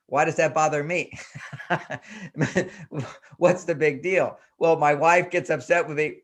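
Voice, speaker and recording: An older man, a guest on a talk show, explaining in earnest tones. He asks himself question after question and acts out the inner voices as he goes. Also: mid-range voice. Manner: self-questioning with repeated rhetorical questions. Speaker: guest relationship expert.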